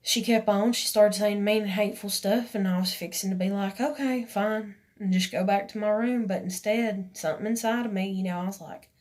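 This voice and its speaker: A woman's voice: mid-range voice, steady tone, brisk, hardly any pauses, darkish tone. A woman, telling a personal story to camera in a rambling, emotional way with many fillers. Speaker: vlogger.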